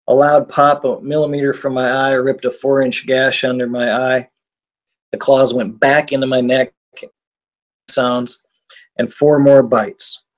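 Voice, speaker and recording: In this interview, a male guest shares his survival story as personal testimony. His medium-pitched voice comes out intense and halting, and he keeps repeating words and starting them over.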